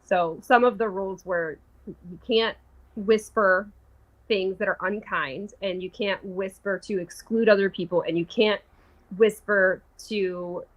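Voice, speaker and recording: A woman's voice: mid-range voice, fairly even intonation, unhurried, muffled recording. A woman chatting casually on a video call, telling a story and laughing often. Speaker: guest. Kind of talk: casual chat.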